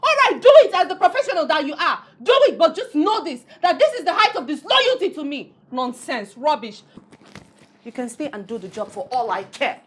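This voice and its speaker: A scornful Nigerian ex-wife. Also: female voice, high-pitched, very animated, a little fast. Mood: furious. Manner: scornful and defiant. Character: jilted ex-wife turned caterer, scornful. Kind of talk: film drama acting.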